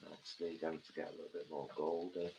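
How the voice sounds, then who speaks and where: A man's voice: rumbling low, level tone, brisk, vocal fry, background noise. A man, chatting playfully while cooking in a home kitchen on a live stream. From England. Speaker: cooking show co-host.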